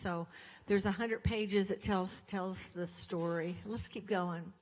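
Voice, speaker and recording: A woman's voice: medium pitch, steady tone, takes it slowly. An older woman from Colorado giving a chatty, storytelling speech to an audience, acting out the voices in her own anecdotes. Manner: chatty storytelling, acts out dialogue. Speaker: guest speaker at a fundraiser. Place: church hall. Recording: long hall reverb.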